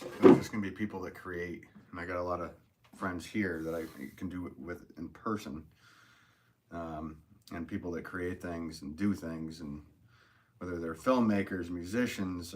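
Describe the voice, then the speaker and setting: A man's voice: sits low, moderate pace. A man hosting a casual live stream, reading viewer comments aloud, chatty and upbeat, thanking people and laughing often.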